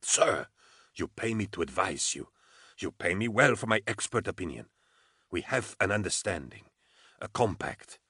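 A man voicing a fussy, anxious male scholar who pleads plaintively and rises into shrill protest. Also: big pitch swings, moderate pace, bright, forceful tone, breathy edge, no echo, clean studio sound, full character voice. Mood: pleading.

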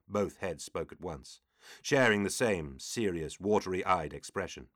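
Brief: very deep male narrator, steady scripted reading, dry close studio sound. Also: unhurried, no room sound. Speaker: audiobook narrator.

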